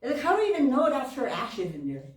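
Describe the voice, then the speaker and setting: A woman minister giving a heartfelt personal testimony to her congregation, laughing often and jumping up in pitch when she gets excited. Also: fast talker. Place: church hall. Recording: roomy room, voice from far off.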